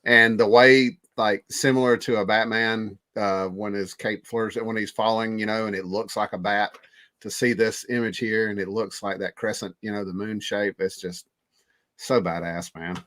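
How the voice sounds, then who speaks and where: A man co-hosting a podcast, talking about movie trailers with enthusiastic, rambling fan excitement. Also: on the low side, moderate pace. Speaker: podcast co-host.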